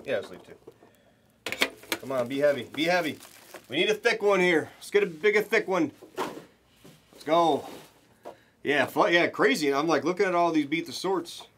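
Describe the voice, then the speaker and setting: A man hosting a live card break, calling out pulls to viewers with excited, hyped commentary and the odd swear. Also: fairly high pitch, moderate pace, pauses often, noisy background.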